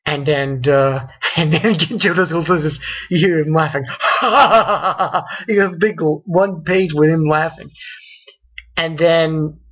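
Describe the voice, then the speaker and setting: A man's voice: a little high, fairly even intonation, measured pace, dull audio. A man hosting his own channel, rambling through a casual review rant and stringing events together with "and then". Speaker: manga reviewer, channel host.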